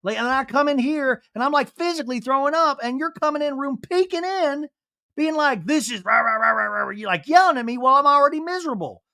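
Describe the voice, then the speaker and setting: A man putting on the voice of an upset young woman from reality TV, high and pleading. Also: expressive, fast talker, sharp tone, heavily acted. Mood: hurt.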